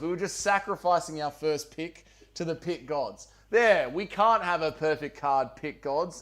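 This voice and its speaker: An Australian man hosting a casual livestream, reading chat and bantering with viewers, with plenty of swearing and jokes. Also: on the high side. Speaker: livestream host.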